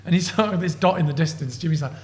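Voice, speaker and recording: A man co-hosting a podcast. He tells stories in a lively way, acts out the voices of the people in them, and laughs as he goes. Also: a little high, racing, in a large hall. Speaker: podcast co-host. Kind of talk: animated anecdote telling.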